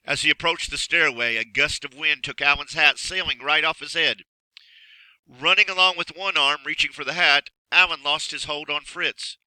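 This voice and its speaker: A man reads a children's story aloud, expressive and measured, pacing every sentence with care. His voice is strikingly bright and sharp, recorded close and dry, with no room sound. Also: on the high side, no echo, rough recording. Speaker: narrator. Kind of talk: storybook reading.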